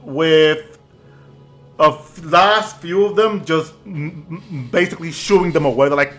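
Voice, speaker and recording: A man running a tabletop game as game master, narrating actions casually with spoken booms. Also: a little slow. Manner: relaxed narration with sound-effect booms.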